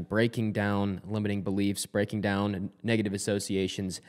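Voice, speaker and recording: Male podcast co-host, lower pitch, blunt and driven, casual talk with cursing. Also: flat delivery, brisk, hardly any pauses, darkish tone. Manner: fired-up, blunt, swears freely. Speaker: podcast co-host, former player and college coach.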